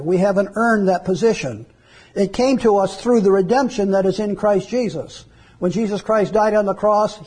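A man's voice: sits high, darkish tone, breathy edge. A man preaching an Easter sermon as pastor, reading scripture verses and explaining them in an earnest preaching manner.

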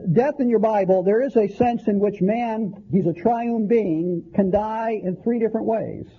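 A man's voice: high voice, measured pace, husky, lo-fi sound. A man preaching a conversational Bible-teaching sermon, often restarting phrases as he works through verses.

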